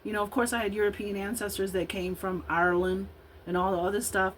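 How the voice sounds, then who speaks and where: A woman's voice: medium pitch, little pitch movement, brisk, a little hiss or hum, poor audio. A woman in her fifties from Illinois giving a casual tarot reading, chatting and rambling in asides between the cards she reads aloud. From Illinois, USA. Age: 50s. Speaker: tarot card reader.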